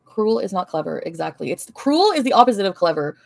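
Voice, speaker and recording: A woman's voice: mid-range voice, lively intonation, fast, few pauses, no room sound. A woman livestreamer answering her chat in a heated, profane, confrontational rant.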